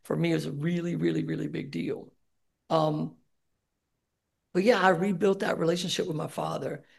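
A middle-aged man speaks at a recovery meeting in a meeting room, offering a candid, emotional personal share and swearing casually. His voice is fairly high and steady at a normal speed, creaky with a breathy edge.

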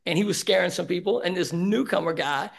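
A man speaking candidly at a recovery meeting, sharing his personal story with many halting fillers. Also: high-pitched, gravelly. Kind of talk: personal testimony.

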